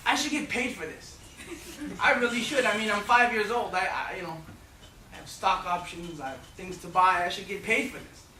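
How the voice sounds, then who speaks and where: A man's voice: on the high side, fairly even intonation, moderate pace, bright, forceful tone. A man playing his cheeky five-year-old self, whiny and indignant. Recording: echoey hall, far from mic, noisy.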